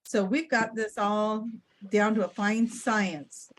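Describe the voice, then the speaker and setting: A woman's voice: mid-range voice, fairly even intonation, takes it slowly. A woman guest on a podcast, chatting casually and upbeat, promoting an event in a rambling way. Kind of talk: casual chat.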